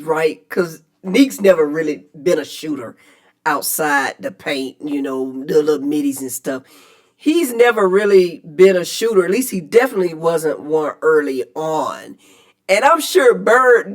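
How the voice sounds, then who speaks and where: Animated reaction-video host. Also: medium pitch. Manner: chatty, laughs along, animated. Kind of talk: casual reaction commentary.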